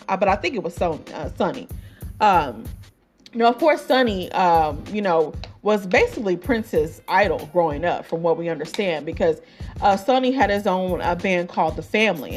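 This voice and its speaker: On her podcast, a woman reviews an album in loose, chatty conversation packed with fillers and asides, laughing at her own jokes. Her voice is fairly low and darkish in tone.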